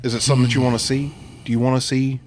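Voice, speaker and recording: A man's voice: mid-range voice, flat delivery, rapid-fire, darkish tone, soft background music. A man co-hosting a casual political livestream, talking in a brash, profane, joking way. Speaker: podcast co-host.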